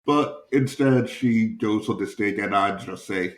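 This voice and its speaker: A young man with a slightly low voice tells a crude, chuckling anecdote on his podcast. He is a stand-up comic in casual storytelling mode, swearing freely and laughing along with his own tale. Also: unhurried, few pauses, reverberant. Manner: profane, chuckling, animated anecdote-telling. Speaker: stand-up comedian and podcast host.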